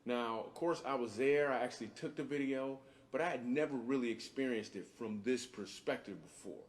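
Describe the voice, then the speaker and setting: A man, a comedian and father, narrating a faith video in a relaxed, enthusiastic, conversational way. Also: mid-range voice, a little fast. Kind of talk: video testimony.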